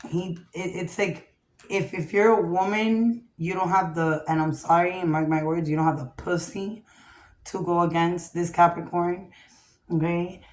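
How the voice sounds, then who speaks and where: A woman's voice: lowish voice, fairly even intonation, unhurried, a little mellow. A woman giving a casual tarot reading, blunt and profane, checking in with "okay?" again and again. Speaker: tarot reader. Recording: echoey room.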